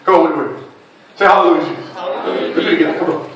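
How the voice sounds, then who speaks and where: A man preaching a lively sermon as pastor, calling out to the congregation and laughing between points. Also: fairly high pitch, rapid-fire, heavy reverb, far from the mic, muffled recording, background noise. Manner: preaching with call-and-response and laughter.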